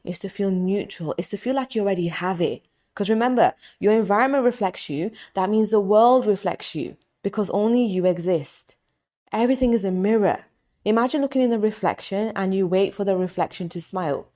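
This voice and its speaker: A young adult woman hypnotist and coach giving an earnest, repetitive motivational talk that turns softly emotional when she prays aloud. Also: medium pitch.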